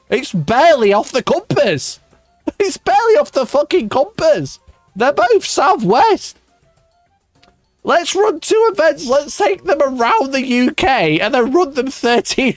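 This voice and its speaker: A man's voice: very high voice, sing-song, a little slow, no echo, faint music behind. A man hosting his channel, ranting sarcastically in casual commentary, swearing a lot and laughing. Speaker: YouTube host.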